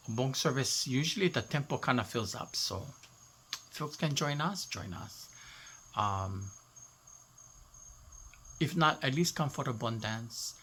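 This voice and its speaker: A man speaking with a Hawaiian Pidgin lilt and a gravelly, husky voice. His pitch swings widely as he talks casually to his viewers. He is animated, then goes soft and emotional. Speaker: vlogger.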